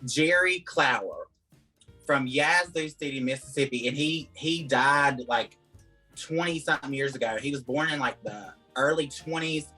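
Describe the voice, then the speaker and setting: A man from Georgia with a Southern US accent speaks a little slowly in a mid-range, sharp-toned voice, with faint music behind him on a rough recording. As an interview guest, he chats casually and rambles through his answers, leaning on "like" and "um."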